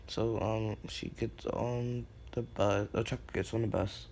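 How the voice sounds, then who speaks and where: Gravelly man rambling through a made-up story. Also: fairly low pitch, little pitch movement, measured pace, darkish tone, slight background noise. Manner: rambling, many fillers and restarts. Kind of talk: improvised fan-fiction storytelling.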